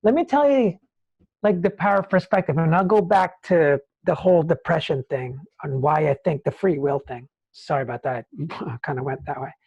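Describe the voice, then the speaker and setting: A man, a nonprofit founder, talking as an interview guest and acting out scenes in a lively, casual storytelling way. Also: on the high side, moderate pace, slightly rough, dull audio. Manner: animated, acts out scenes, many "like"s.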